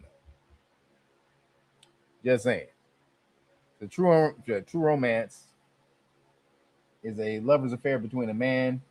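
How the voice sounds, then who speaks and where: A man hosting a live stream, talking casually with lots of profanity and sudden bursts of outrage. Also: mid-range voice. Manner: profane, excitable, bursts into loud outrage and laughter.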